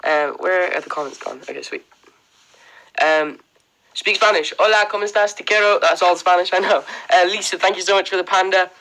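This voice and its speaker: Brief: Irish guy, fairly high, crisp bright voice, loose rambly livestream Q&A host. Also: steady tone, moderate pace, rough recording. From Ireland. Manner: chatty, rambling, frequent "um" and "like", laughs often. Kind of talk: casual livestream Q&A, reading out viewer comments.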